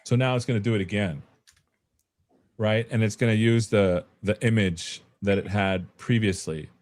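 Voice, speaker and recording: A man's voice: lowish voice, moderate pace, a little mellow. A man on a video call giving a casual, rambling walkthrough of an app he built, with lots of "like" and "right?". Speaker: developer guest demoing an app. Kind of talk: casual tech demo chat on a livestream.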